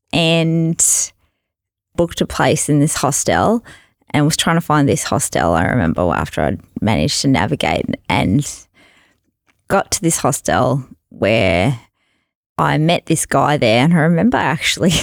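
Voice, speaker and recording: Creaky-voiced woman telling stories. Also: low voice, dry recording, clean studio sound. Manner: chatty, laughs through her own stories. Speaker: podcast host telling a travel story. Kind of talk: casual storytelling chat.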